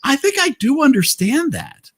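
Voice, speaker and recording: A man's voice: very high-pitched, sing-song, moderate pace, a bit bright, dry recording. A man hosting a casual online movie night, chatting with lots of fillers and laughs. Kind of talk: casual group chat.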